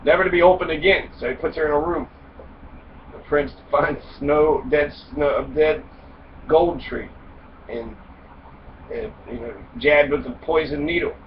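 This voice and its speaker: Pausing often, a man with a fairly high, steady voice speaks at a measured pace. He's a podcast host comically retelling a fairy tale in a profane, wisecracking, rambling way with fillers, on a distant mic with dull, lo-fi audio and faint noise.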